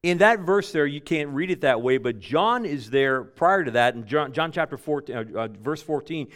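A man delivering a sermon in a folksy way, with homespun illustrations, swinging from loud emphatic bursts to quiet low asides. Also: animated, normal speed. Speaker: preacher.

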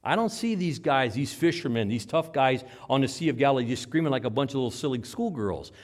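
A man preaching a sermon, telling the story dramatically and acting out cries, whispers and shouts. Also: mid-range voice, expressive, brisk. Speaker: pastor.

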